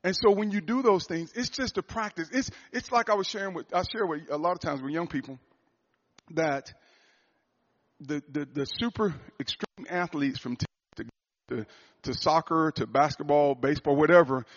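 A man giving a sermon-style talk to a church audience, swinging into loud emphatic preaching. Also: on the high side, moderate pace. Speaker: speaker at a church gathering. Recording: muffled lo-fi recording.

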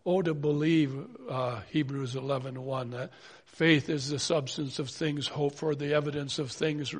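A man's voice: on the high side, fairly even intonation, normal speed. A man preaching a sermon in an earnest, pleading way, full of rhetorical questions. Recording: long hall reverb.

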